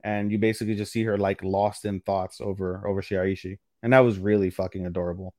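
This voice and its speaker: A man co-hosting a casual podcast, recapping an anime episode with lively acted-out quotes and casual swearing. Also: sits low, fast talker, dry recording, studio quality. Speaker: podcast co-host. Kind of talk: casual anime review chat.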